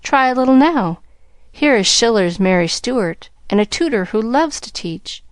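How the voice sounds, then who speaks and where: Warm-hearted young male tutor, voiced by a woman narrator, gentle and encouraging, dry sound. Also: on the high side, animated, normal speed, smooth, no room sound, voice pushed up, natural voice. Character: kind young male tutor, eager to teach.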